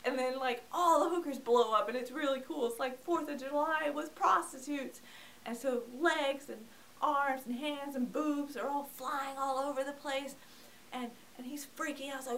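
A woman's voice: high-pitched, steady tone, moderate pace, fairly bright tone, slight background noise. Chatty woman joking through a movie review. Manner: chatty and joking, acts out characters. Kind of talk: casual comedic movie review.

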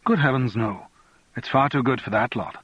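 A man playing a relaxed, clubbable young politician who teases easily. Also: mid-range voice, moderate pace, husky, no echo, highs cut off. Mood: teasing. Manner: relaxed, teasing.

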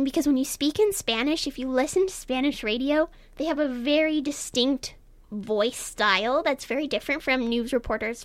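A young woman with a notably high, girlish voice speaks as a radio guest. She is chatty and self-deprecating, often breaking into laughs, and the studio sound is close and dry. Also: a bit bright, no echo. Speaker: guest, student radio presenter. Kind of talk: casual radio interview.

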